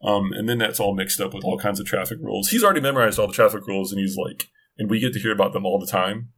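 A man's voice: on the low side, rapid-fire, fairly bright tone, breathy edge. Rambling middle-aged man telling a story. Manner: rambling, self-interrupting storyteller. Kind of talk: casual chat.

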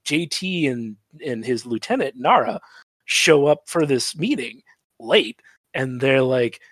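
A man's voice: medium pitch, slow pace, no room sound. A man chats casually, recapping a cartoon and slipping into quoted voices as he jokes along. The sound is dry and close, with no room around it. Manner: joking, animated storytelling with quoted voices. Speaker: podcast co-host recapping a cartoon. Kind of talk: casual chat.

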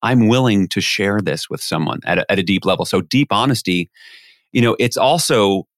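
A man with a fairly low voice tells a story as a podcast guest, and he gets animated as he acts out what other people said. The sound is dry and close, with no room around it. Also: normal speed, no echo. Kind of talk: conversational storytelling.

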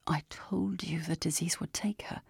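A woman voicing a weary, remorseful man under a curse, speaking in a quiet, resigned whisper. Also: fairly high pitch, steady tone, takes it slowly, vocal fry, breathy edge, dry recording, studio quality, full character voice.

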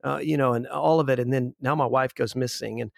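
Earnest man with a gravelly voice. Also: mid-range voice, fairly even intonation, no echo, studio quality. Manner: earnest, halting with restarts. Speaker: guest. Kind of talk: conversational storytelling.

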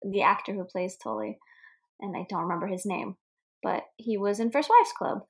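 A woman's voice: mid-range voice, moderate pace. A woman co-hosting a casual movie chat, blunt, laughing often and swearing freely. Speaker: podcast co-host.

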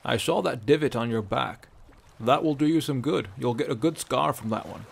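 A man's voice: medium pitch, normal speed, creaky. A man doing Bracknell, a teasing old Nord soldier. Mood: joking. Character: older male Nord ex-legionnaire, boastful joker.

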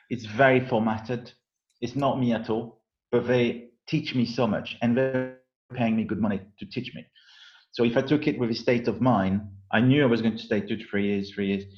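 Man, French accent, middle-aged, relaxed self-deprecating guest, muffled lo-fi audio. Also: lowish voice, moderate pace. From south of France. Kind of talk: casual interview. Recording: dull lo-fi sound.

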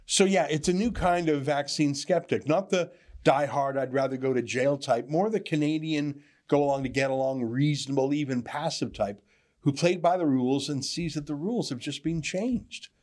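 A man's voice: fairly high pitch, normal speed, darkish tone. A man delivering opinion commentary in an emphatic, sarcastic manner. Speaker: political commentator.

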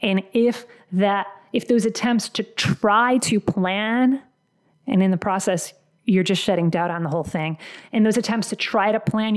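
A woman's voice: mid-range voice, darkish tone. Woman career coach, mid-range voice, emphatic motivational podcast delivery. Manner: emphatic, repeats phrases for punch.

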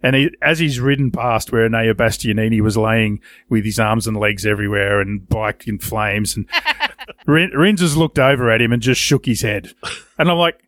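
A man's voice: medium pitch, moderate pace, fairly bright tone, dry recording. A man co-hosting a casual chat, laughing through his stories. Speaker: podcast co-host.

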